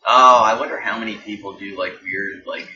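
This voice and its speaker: A man's voice: lowish voice, brisk, pushed and bright. Guy cohosting a podcast, jokey, lots of uhs, kinda far from the mic, muffled. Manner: joking, trails off with fillers. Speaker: podcast co-host. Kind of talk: casual chat. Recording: distant, dull, roomy mic with background noise.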